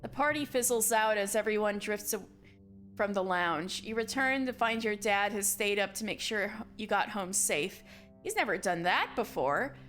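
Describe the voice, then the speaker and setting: A young woman streamer reading a story game aloud in a slow, theatrical way, breaking off for swearing asides. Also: mid-range voice, lively intonation, fairly bright tone, soft background music. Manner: reads dialogue slowly and dramatically, swears and laughs in asides. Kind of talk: reading a visual novel game aloud with commentary.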